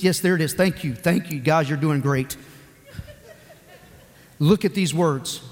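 A male pastor delivering a sermon, moving from a personal story to emphatic preaching. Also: fairly high pitch. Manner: storytelling with acted quotes, then emphatic preaching. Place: church sanctuary. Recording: long hall reverb.

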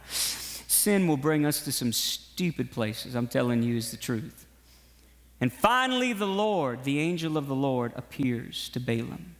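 A man preaching a sermon, retelling a story with animated exhortation to his listeners and viewers. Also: medium pitch, a little slow. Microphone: broadcast to online viewers. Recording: long hall reverb.

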